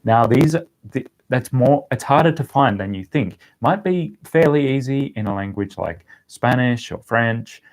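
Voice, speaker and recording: A young language-learning YouTuber chats on a livestream, answering viewer questions from the live chat. He's relaxed and rambling, saying "um" a lot and laughing often. His voice is medium-pitched and his pace measured.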